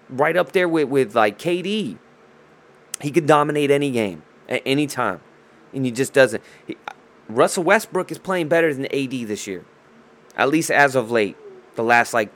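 A man's voice: mid-range voice, a bit bright. Profane, heated man ranting about basketball. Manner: heated, profane, trash-talking; rambling with restarts and asides. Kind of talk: casual sports rant.

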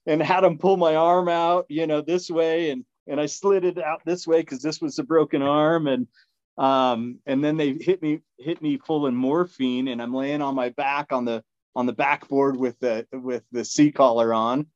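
A man's voice: on the high side, fairly even intonation, no room sound. Man telling a story with a dull, dry sound. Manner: rambling, halting with fillers and restarts, laughs often. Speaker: podcast guest. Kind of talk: casual storytelling.

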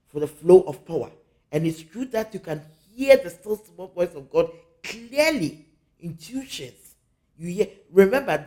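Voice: medium pitch, dark tone. A spiritual teacher from Africa giving an earnest teaching talk, repeating key phrases for emphasis.

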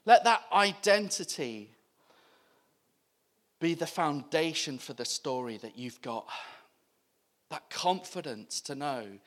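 A man with a British accent preaching a sermon, impassioned, swinging between near-shouts and hushed whispers. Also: on the high side, expressive, slow, pauses often.

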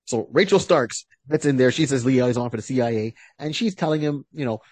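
A man's voice: medium pitch, brisk, darkish tone, no echo. A man co-hosting a podcast, retelling a story in a casual, rambling way with many fillers. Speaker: podcast co-host. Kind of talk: casual chat.

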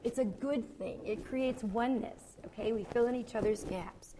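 A woman's voice: a little high, normal speed, background noise. A woman speaking to married couples at a seminar. She is gregarious and a bit goofy, and she keeps checking in with the audience by asking "okay?". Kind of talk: teaching talk to married couples.

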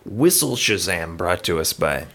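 A man's voice: low-pitched, sing-song, a little slow, creaky, fairly bright tone, breathy edge. A man hosting a game segment in casual podcast chat, hesitant with many fillers as he explains the rules.

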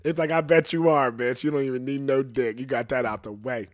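A man's voice: medium pitch, steady tone, fairly quick, no echo. A young man telling a crude story in casual chat, profane and rambling, laughing between lines. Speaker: podcast storyteller.

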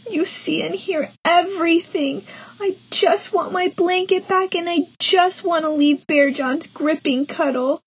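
A woman's voice: mid-range voice, big pitch swings, unhurried, slightly rough, dull audio, full character voice. A woman voicing a young female beaver who talks in an earnest, pleading way. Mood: tearful pleading.

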